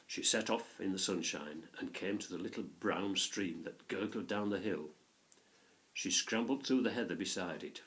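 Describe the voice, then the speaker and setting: Guy reading a kids story out loud, lively sing-song delivery. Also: fairly low pitch. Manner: expressive, storytelling lilt. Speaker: narrator.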